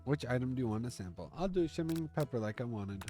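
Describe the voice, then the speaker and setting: A man's voice: mid-range voice, expressive, quick pace, warm tone, soft background music. A man streaming, reading a text game aloud and reacting with jokes and curses. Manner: reads the story aloud and jokes and curses along.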